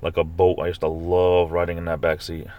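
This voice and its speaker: A man hosting a casual live stream, chatting with viewers and reading comments aloud. He rambles with fillers and restarts and jumps into high-pitched mock outrage when he rants. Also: completely flat delivery, a little fast, dull audio.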